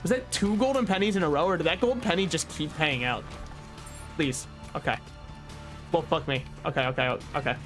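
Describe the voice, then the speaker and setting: A man's voice: fairly high pitch, brisk, fairly bright tone, faint music behind. A man giving casual, sarcastic gameplay commentary as a streamer, mocking himself and swearing freely. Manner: sarcastic, self-mocking banter.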